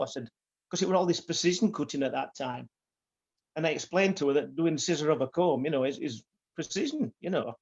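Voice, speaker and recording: A man's voice: on the high side, expressive, fast talker, breathy edge. An older man, a guest barber telling a long rambling story full of fillers. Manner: rambling anecdotes with many fillers. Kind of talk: casual storytelling. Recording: dull lo-fi sound.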